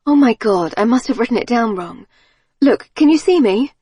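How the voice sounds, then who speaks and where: A woman doing a flustered suburban mum, high and loud, gushing apologies, breathy voice. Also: expressive, moderate pace, no echo, studio quality. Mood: pleading.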